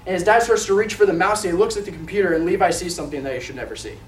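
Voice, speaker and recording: A young man preaching a storytelling sermon, acting out a boy's words with sudden whispers and shouts. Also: sits high, racing, a little hiss or hum. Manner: animated, acts out the boy's lines with whispers and shouts. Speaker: student preacher. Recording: echoey room, mic at a distance.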